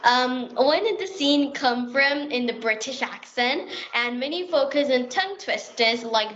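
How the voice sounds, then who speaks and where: A woman's voice: high voice, lively intonation, unhurried, few pauses, a bit bright, a little hiss or hum. A woman talking as an interview guest, explaining at length with many fillers and uneven grammar. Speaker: interview guest, language learner. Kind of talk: explaining in conversation. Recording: muffled, dull audio.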